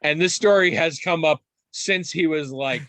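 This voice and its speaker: An adult man on a podcast in casual chat, telling stories in a rambling, animated way with restarts and the odd swear. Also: on the high side, moderate pace, dry recording. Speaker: podcast co-host.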